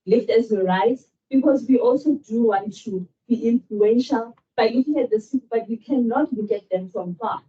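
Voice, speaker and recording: A woman moderates the panel, asking long, thoughtful questions with a mellow tone. She sounds set back from the mic, with a dull, muffled quality and a faint low rumble underneath. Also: normal speed, few pauses, far from the mic. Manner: thoughtful, winding questions with fillers.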